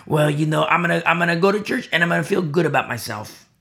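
A man's voice: on the high side, expressive, normal speed. A man preaching who mockingly voices a flippant male churchgoer rattling off excuses.

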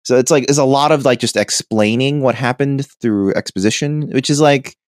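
A man co-hosting a podcast in casual chat, talkative and quick to laugh. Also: medium pitch, no room sound, studio quality. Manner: chatty, laughs often, quick asides. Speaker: podcast co-host.

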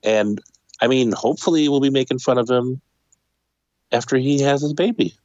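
A man's voice: mid-range voice, moderate pace, darkish tone, no echo, muffled recording. A man co-hosting a podcast in casual chat, laughing often and chiming in. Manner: laughs often, chimes in with short replies. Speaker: podcast co-host.

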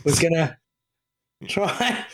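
A man's voice: on the high side, animated, slow, fairly bright tone, slight background noise. A man co-hosting a casual show, joking and rambling with many restarts. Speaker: co-host. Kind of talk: casual radio-style banter.

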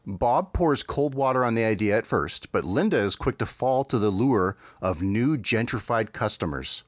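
A man's voice: mid-range voice, no room sound. A man hosting a podcast, recapping a cartoon episode in a dry, wry way with frequent hesitations. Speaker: podcast host.

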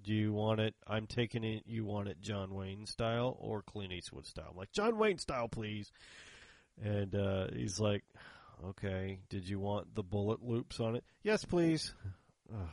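A man with a fairly low voice tells a rambling story in casual chat, acting out each quoted line and breaking into laughter. The sound is dry and close, with no room around it. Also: fairly even intonation, moderate pace, creaky, a little mellow, no room sound.

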